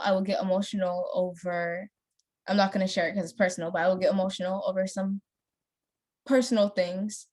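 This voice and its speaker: A young adult woman chatting casually as a gameplay vlogger, rambling with many fillers and laughing easily. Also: medium pitch. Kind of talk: casual chat while playing a story game.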